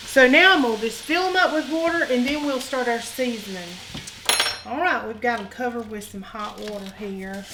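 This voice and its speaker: A woman chats through a recipe in her home kitchen, folksy and teasing as she goes. Her voice sits a little higher than most, and a faint sizzle of the pan runs underneath. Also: moderate pace, background noise. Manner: folksy and joking, calls viewers honey and y'all. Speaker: cooking show host. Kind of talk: casual cooking demonstration.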